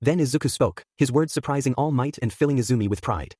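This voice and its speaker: Husky and slightly rough yet warm in tone, a man's voice reads fanfic at a fast clip. Between narrated passages, he lifts his pitch to play the characters. The sound is dry and close, with no room in it.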